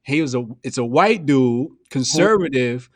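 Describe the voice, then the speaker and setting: Male host, mid-pitched voice, dry close sound, easygoing and anecdotal. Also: measured pace, no room sound. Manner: relaxed, anecdotal, agreeable interjections. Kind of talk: casual conversation.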